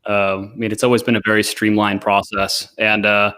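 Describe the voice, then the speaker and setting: A man on a casual podcast, talking in a measured, explanatory way with filler words like "um" and "I mean.". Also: lowish voice, flat delivery, pushed and bright, clear, resonant tone, low-quality recording.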